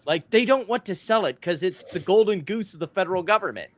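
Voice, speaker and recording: A man's voice: high voice, animated, a little fast, a bit bright. A man co-hosting a casual commentary show, sarcastic and exasperated, on a close mic. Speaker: co-host.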